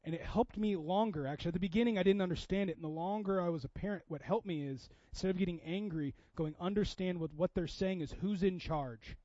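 A man from Seattle with a notably high voice preaches a sermon in a talky, personal way. He restarts often and swings between loud emphasis and quiet asides. The sound is dry and somewhat dull, like a lo-fi recording. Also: fast talker, few pauses, no room sound. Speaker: pastor.

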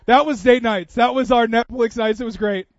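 A man in his thirties preaching a sermon, telling stories with swings from loud bursts to quiet moments. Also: very high-pitched, moderate pace, no room sound, highs cut off. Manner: animated storytelling, swings from loud to soft. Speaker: pastor.

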